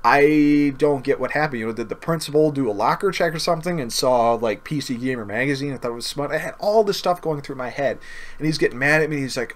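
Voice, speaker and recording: A man's voice: mid-range voice, fairly quick. A man casually telling a personal story to camera, earnest and often repeating himself or stumbling over words. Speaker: gaming video creator.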